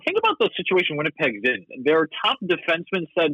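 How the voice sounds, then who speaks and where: A man in a casual hockey panel chat, animated and acting out quoted players. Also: a little high, fast, few pauses, breathy edge, no room sound, lo-fi sound.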